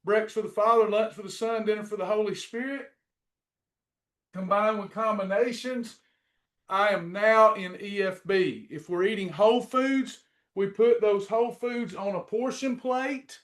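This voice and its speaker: A middle-aged weight-loss program coach with a high-sitting, fairly bright voice speaks at a moderate pace. He teaches a faith-based weight-loss lesson, preachy and repetitive as he encourages his class.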